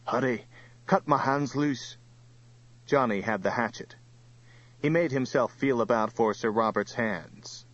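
A man narrates a novel in a steady, even storytelling voice at a middle pitch. The recording is a little dull and lo-fi, lacking the top end. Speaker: audiobook narrator. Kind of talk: scripted narration.

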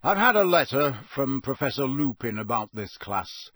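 A man reading aloud, voicing a gruff, scarred old male wizard teacher who speaks in a blunt growl. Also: mid-range voice, sing-song, normal speed, a bit bright, no echo.

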